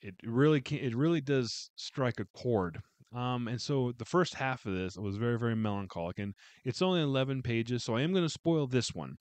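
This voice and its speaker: A man's voice: medium pitch, animated, brisk, a little mellow, dry recording. A man giving a casual, heartfelt book review, rambling with many fillers and restarts.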